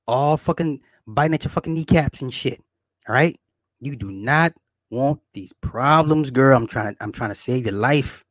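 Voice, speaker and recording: A man rants to his viewers in a boastful, profane, joking way and keeps repeating his points. His voice sits at an ordinary middle pitch. The sound is dry, with no room in it. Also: no room sound. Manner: boastful, swearing, laughing often, repetitive. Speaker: vlogger. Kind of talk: profane comedic rant to viewers.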